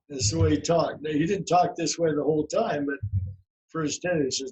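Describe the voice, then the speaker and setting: A man's voice: fairly high pitch, brisk, darkish tone, highs cut off. A man in his eighties telling a long personal story as a podcast guest, folksy and rambling, with many restarts and fillers. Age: 80s. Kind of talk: storytelling in an interview.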